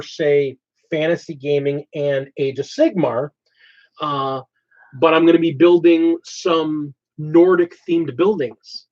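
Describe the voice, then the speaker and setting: A man's voice: fairly high pitch, darkish tone. Man hosting a rambling hobby chat. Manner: meandering, thinks aloud while explaining plans. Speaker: hobby channel host. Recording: slightly dull lo-fi audio.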